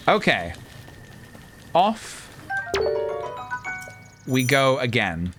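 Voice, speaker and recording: A man streaming a game live, talking in a wry, deliberate way and choosing his words carefully. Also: mid-range voice, sing-song, fairly bright tone, soft background music.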